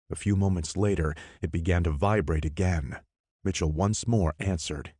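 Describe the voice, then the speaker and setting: A man reading a horror audiobook as narrator, measured and expressive. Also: deep voice, slightly rough, no echo, studio quality. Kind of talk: scripted narration.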